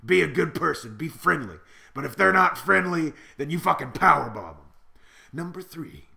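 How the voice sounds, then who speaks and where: A man's voice: on the high side, lively intonation, normal speed, gravelly, pushed and bright. A man rambling through a profane, boastful comedic monologue to camera, full of swaggering bravado. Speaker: comedy vlogger in character.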